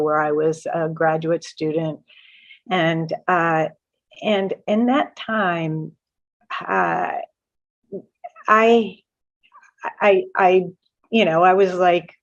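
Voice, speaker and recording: An older woman sharing a personal spiritual story in an earnest, halting way, often repeating words as she restarts. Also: fairly low pitch. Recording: muffled lo-fi sound.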